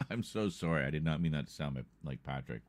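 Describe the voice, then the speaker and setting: A man's voice: extremely low pitch, slight background noise. A man hosting a livestream in loose, rambling casual chat, often breaking into laughter. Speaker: livestream host.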